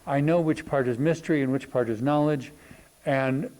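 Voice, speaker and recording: A man hosting a reflective talk on spirituality, thinking aloud with many pauses and fillers. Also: mid-range voice, darkish tone, poor audio. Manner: thoughtful, unhurried, many ums and pauses.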